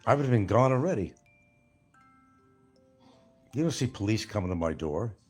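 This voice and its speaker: A man's voice: lowish voice, lively intonation, normal speed, slightly rough, soft background music. A man hosting a casual livestream and answering viewer comments in a blunt, profane, combative way. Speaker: livestream host.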